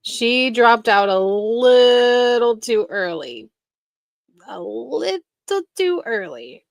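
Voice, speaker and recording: Woman host, slow gravelly delivery, sarcastic and laughing, dry close sound. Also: fairly high pitch, sing-song, no room sound. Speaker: reaction streamer host. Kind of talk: mocking reaction commentary.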